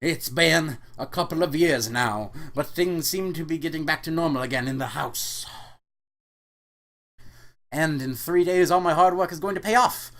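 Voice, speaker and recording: A man's voice: fairly high pitch, moderate pace, fairly bright tone, voice pushed up. A man voicing a widowed father, jokey and reassuring, in a comic storybook reading. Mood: upbeat. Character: widowed dad, upbeat and joking.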